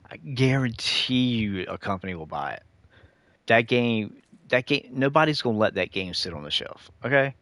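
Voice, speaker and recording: A man's voice: mid-range voice, expressive, moderate pace, a bit bright, dry recording. A middle-aged man ranting casually to his viewers while gaming, preachy and lecturing, calling them dude and y'all. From United States. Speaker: gaming streamer.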